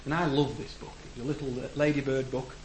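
A man's voice: little pitch movement, fast. Earnest man preaching in an echoey church. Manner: earnest, with sudden emphatic rises and trailing low phrase ends. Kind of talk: sermon. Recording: echoey room with faint background noise.

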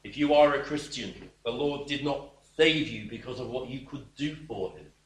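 A man preaching a sermon slowly and emphatically, dropping at times to a quiet voice. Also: mid-range voice. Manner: slow, emphatic preaching with sudden drops to a quiet voice. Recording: echoey room.

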